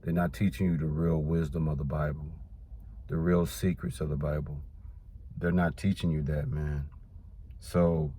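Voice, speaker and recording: A man's voice: deep voice, darkish tone, a little hiss or hum. A man teaching about the Bible in a casual preaching style, reading verses and then explaining them, often adding "man" and "you know".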